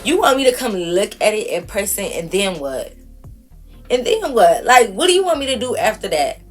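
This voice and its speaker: Woman vlogger, mid-pitch, lively and exasperated storyteller, faint music underneath. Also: a little fast. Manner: animated, exasperated, slangy. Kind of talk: casual storytime vlog.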